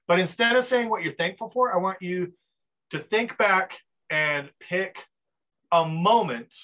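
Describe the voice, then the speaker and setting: A man's voice: high voice, bright, forceful tone. A man hosting a podcast in an upbeat, hype-style casual chat, full of fillers. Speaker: podcast host.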